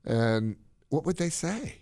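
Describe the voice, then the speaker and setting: A man co-hosting a podcast, talking his opinions in a casual, animated way. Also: on the high side, slow, dry recording. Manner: animated, opinionated, drops into playful put-on accents. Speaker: podcast co-host.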